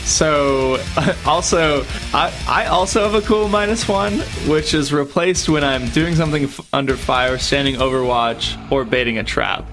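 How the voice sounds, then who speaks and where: Bright-voiced male tabletop player. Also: a little high, a little slow, faint music behind. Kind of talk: casual tabletop play.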